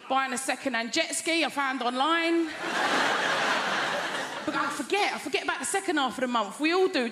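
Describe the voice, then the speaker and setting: An English woman in her thirties doing stand-up comedy in a chatty, confiding way, full of tag questions. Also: high-pitched. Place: large theatre stage. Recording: echoey theatre with loud crowd noise.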